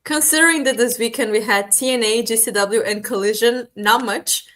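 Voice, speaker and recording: A woman's voice: on the high side, normal speed, a bit bright. A woman co-hosting a casual podcast chat, chatty and often giggling. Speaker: podcast co-host.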